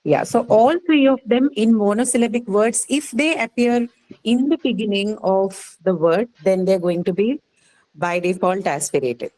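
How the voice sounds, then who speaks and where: A woman with an Indian English accent teaches a phonetics class. She explains rules step by step, pauses to quiz her students, and keeps checking in with "right?" and "okay.". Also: mid-range voice, mellow, poor audio. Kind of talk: classroom lecture.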